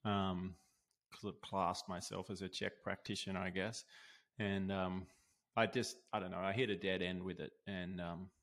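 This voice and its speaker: Laid-back man with a gravelly low voice. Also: little pitch movement, moderate pace, a bit bright. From Australia. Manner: laid-back, lots of "dude" and "like", laughs while telling. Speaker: guest, osteopath. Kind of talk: casual storytelling.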